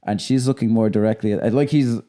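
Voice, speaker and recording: A man co-hosts a film podcast in a warm, mellow voice. He rambles, cuts himself off and restarts, and slips into mock voices when he quotes people. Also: on the low side, a little fast. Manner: rambling, self-interrupting, laughs at own jokes; puts on voices when quoting others. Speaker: podcast co-host. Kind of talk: casual film review chat.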